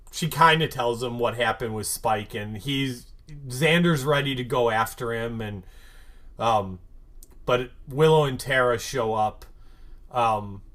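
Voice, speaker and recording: A man's voice: medium pitch, fairly bright tone. A man hosting a podcast, recapping an episode in a rambling, casual way full of "like" and "um", sometimes getting worked up. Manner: rambling, lots of "like" and "um"; gets worked up and emphatic. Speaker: podcast host.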